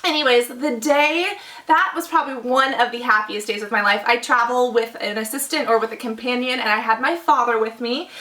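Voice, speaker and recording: A woman's voice: fairly high pitch, fairly even intonation, fairly quick, sharp tone, roomy sound, distant mic. A young woman vlogger in casual chat, gushing and chatty with lots of likes and oh-my-gods.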